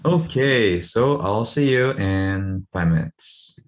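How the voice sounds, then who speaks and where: Low-voiced man teaching over a video call. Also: lively intonation, slow, rough recording. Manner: patient, drills phrases aloud for learners to repeat. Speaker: Korean language teacher. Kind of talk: online group language lesson.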